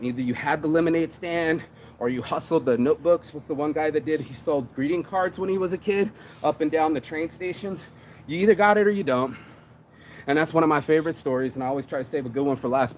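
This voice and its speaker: This man's voice sits a little high and a little mellow, with a slight hiss or hum in the recording. He's an entrepreneur and shirt designer riffing casually on business to motivate, pumping himself up with street slang, frequent swearing and plenty of "bro."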